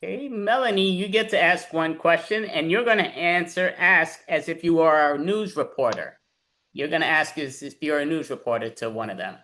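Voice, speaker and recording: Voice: mid-range voice, moderate pace, sharp tone. A host running an improv comedy game over a video call, giving casual instructions. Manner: casual, instructing, loose fillers.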